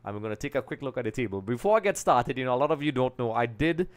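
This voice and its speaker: A man's voice: mid-range voice, animated, very fast, smooth. A young man from Trinidad and Tobago hosting a live football talk stream, talking casually and rambling a little as he pulls things up on screen. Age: young adult. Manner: casual, rambling, thinks aloud while working.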